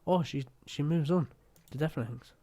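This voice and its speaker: A man's voice: on the high side, brisk, warm tone. Sweary Scottish man reacting. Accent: West of Scotland. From Scotland. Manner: sweary, blunt and jokey. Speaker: reaction video host. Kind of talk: casual reaction commentary.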